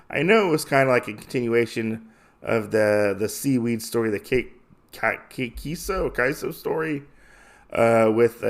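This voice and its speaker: A man hosting a podcast, casually recapping a comic issue with enthusiasm and lots of filler words. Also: on the low side. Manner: enthusiastic, rambling with many fillers. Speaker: podcast host.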